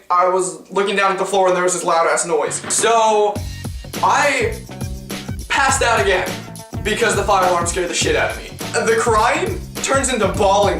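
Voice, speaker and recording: A young man with a high-pitched voice tells stories for a casual vlog, dramatic, profane and self-mocking. He sits far from the mic in a roomy space, with music playing behind him.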